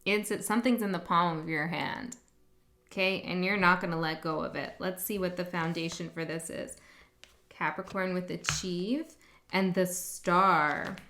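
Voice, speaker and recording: A woman's voice: lowish voice, steady tone, measured pace, pushed and bright. A woman giving a casual tarot reading to her viewers, chatty and upbeat, often laughing mid-sentence. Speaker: tarot reader.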